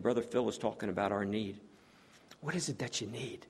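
A man's voice: on the low side, fairly quick, slightly rough. A man preaching a sermon, reading scripture aloud and putting rhetorical questions to the congregation. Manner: reads scripture aloud between remarks.

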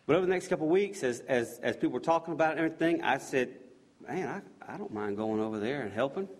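A man's voice: mid-range voice, lively intonation, quick pace. A middle-aged man giving an earnest personal testimony, telling his story in a loose, conversational way with frequent restarts. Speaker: volunteer sharing his faith story.

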